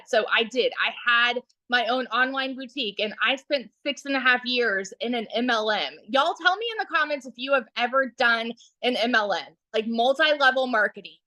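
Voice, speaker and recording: A woman in her thirties talking on a phone mic as a webinar guest, chatty and excited, telling her story with lots of asides to viewers. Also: fairly high pitch, no room sound. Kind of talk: enthusiastic testimonial on a livestream. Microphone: phone held in hand.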